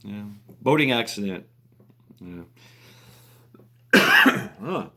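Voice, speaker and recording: A man's voice: lowish voice, big pitch swings, extremely slow, bright, forceful tone. A man ranting casually on camera, rambling with fillers, restarts and laughter. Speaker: vlogger. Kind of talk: casual rant.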